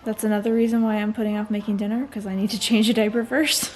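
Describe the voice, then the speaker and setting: A woman's voice: mid-range voice, flat delivery, fast, darkish tone, faint music behind. A woman vlogging as a mom, chatting frankly and tiredly and laughing often. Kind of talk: casual vlog chat.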